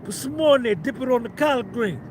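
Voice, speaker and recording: A man's voice: extremely high pitch, expressive, quick pace, a little hiss or hum. A man with a New Jersey accent, hosting a casual livestream and rambling with viewers in profane banter. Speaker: livestream host.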